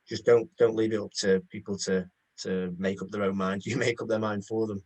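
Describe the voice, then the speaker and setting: A man's voice: fairly low pitch, little pitch movement, brisk, a little mellow, poor audio. A man giving conversational business advice, telling anecdotes hesitantly with many ums.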